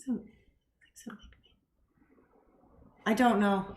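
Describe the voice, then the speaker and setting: A woman's voice: mid-range voice, fairly even intonation, very slow, a little mellow. Wisecracking woman co-host, echoey room. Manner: wisecracking, laughing, bawdy jokes. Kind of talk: casual comedy banter. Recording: echoey room with faint noise.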